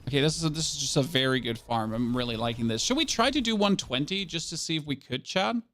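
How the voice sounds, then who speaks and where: Male streamer with a German accent, slightly high voice, sarcastic and rambling, chatting with his audience mid-game. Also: expressive, fast, fairly bright tone, no echo. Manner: sarcastic, rambling, talking to chat. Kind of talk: casual live-stream chat while gaming.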